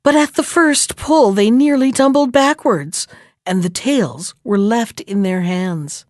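A woman reading a folk tale aloud, lifting her pitch for the characters' speech. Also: animated, no echo, studio quality. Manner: unhurried, voices characters with raised pitch. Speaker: narrator. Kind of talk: storybook reading.

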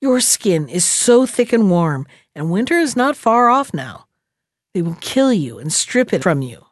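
A woman's voice: mid-range voice, sing-song, measured pace, no echo, clean studio sound. A woman voicing a blunt, cheeky young boy who gives warnings in a folktale. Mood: urgent. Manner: bright, insistent warnings.

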